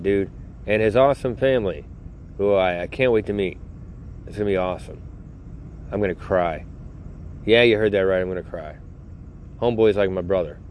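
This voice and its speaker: Low-voiced middle-aged man joking while driving. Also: a little mellow, slight background noise. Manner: joking, crude, self-mocking. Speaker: vlogger. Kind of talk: casual rambling chat to viewers.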